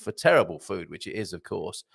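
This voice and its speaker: An English man hosts a live talk show in a jokey, animated way, laughing often. His pitch swings widely as he talks. He sounds amused and keeps the chat moving. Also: a little fast, creaky, slightly rough. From England. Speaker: host.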